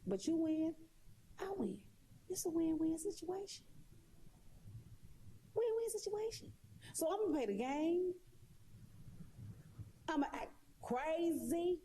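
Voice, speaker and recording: A woman's voice: high-pitched, animated, unhurried, pauses often, warm tone, a little hiss or hum. A woman talking straight to her viewers in a casual monologue, sassy and emphatic, repeating her points. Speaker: live streamer.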